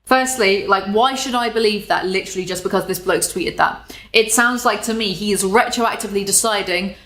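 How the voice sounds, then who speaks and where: A woman's voice: mid-range voice, brisk. Sarcastic British woman in an echoey room. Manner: sarcastic, animated, swears freely. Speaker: commentary YouTuber. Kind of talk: casual commentary.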